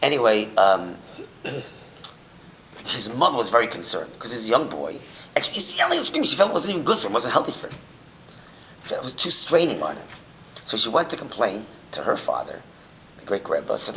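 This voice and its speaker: Animated, gravelly male Torah teacher. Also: medium pitch, brisk, pauses often, slight background noise, poor audio. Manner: animated, swings from shouting to near whisper. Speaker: rabbi teaching a class. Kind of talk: Torah class with storytelling.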